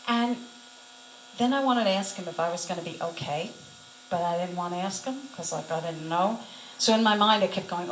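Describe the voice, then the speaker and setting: A woman of middle pitch gives an earnest, emotional personal testimony, voicing her own thoughts aloud as she tells it. The room adds a noticeable echo, and a faint ambient hum sits underneath. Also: brisk, fairly bright tone. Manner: acts out her own inner thoughts in quoted asides. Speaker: songwriter and singer. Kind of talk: personal testimony told to camera.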